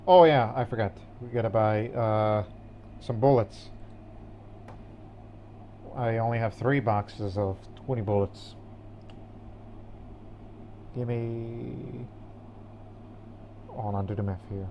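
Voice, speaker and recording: A man's voice: on the low side, fairly even intonation, takes it slowly, long pauses, highs cut off, a little hiss or hum. Rambling, jokey male gamer. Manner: rambling and jokey, with many restarts. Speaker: gaming channel host. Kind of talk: casual let's-play commentary.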